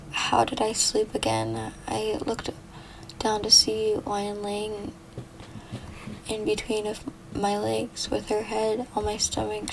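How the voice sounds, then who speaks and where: A woman's voice: medium pitch, vocal fry, noisy background. A young woman casually reading a fan story aloud, stumbling over words and correcting herself as she goes. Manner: stumbling, giggling at the text, self-correcting. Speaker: fan fiction reader.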